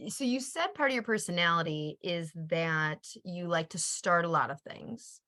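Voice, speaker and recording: A woman's voice: fairly low pitch, normal speed, sharp tone. A woman hosting a podcast who asks long chatty questions and laughs easily. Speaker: podcast host. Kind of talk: casual interview.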